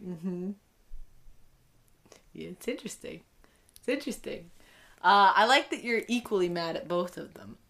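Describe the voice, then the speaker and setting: A woman's voice: lowish voice, animated, moderate pace, vocal fry, long pauses, fairly bright tone. A woman hosting a casual podcast interview, asking curious questions and reacting with gasps and laughs. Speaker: podcast host.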